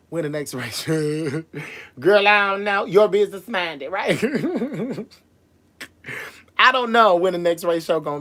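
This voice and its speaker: A man who performs as a drag MC, hosting a casual livestream from Las Vegas, reading out viewer comments and answering them in an animated, sassy way. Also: high voice. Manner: animated and sassy, calls viewers girl and boo, frequent laughs.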